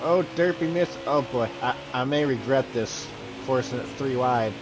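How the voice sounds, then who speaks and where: A young man in his twenties talks through a live racing game stream in a relaxed, chatty way. His voice sits at an ordinary middle pitch, and a faint hiss of noise runs behind him. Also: normal speed. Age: 20s. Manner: casual, chatty running commentary. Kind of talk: live gameplay commentary.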